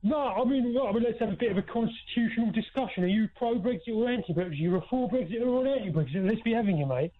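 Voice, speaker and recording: A man putting on a loud, chummy young caller phoning into a comedy radio show. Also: high-pitched, lively intonation, fast, hardly any pauses, voice pushed up. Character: brash young male caller called Tommy. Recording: tinny phone-line sound.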